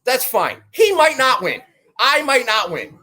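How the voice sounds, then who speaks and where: A man hosting a golf betting show, ranting defiantly and swearing, swinging from low muttering to shouts. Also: very animated, unhurried, rough recording. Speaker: golf betting podcast host. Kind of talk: fired-up monologue.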